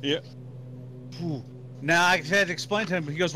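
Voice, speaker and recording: A teasing, joking man from Florida, chatting loosely with friends. His voice is bright and a touch high for a man, with a faint hiss of room noise behind it. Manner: joking, teasing, quick to laugh. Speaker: co-host of a flight sim stream. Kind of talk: casual chat.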